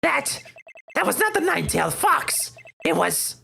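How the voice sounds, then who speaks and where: A woman playing a pompous elderly male mayor, speaking in an archaic, drawn-out, theatrical way. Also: high-pitched, huge pitch swings, vocal fry, pushed and bright, soft background music, pitched above the performer's own voice, heavily acted. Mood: grandiose. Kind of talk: playing a game character aloud.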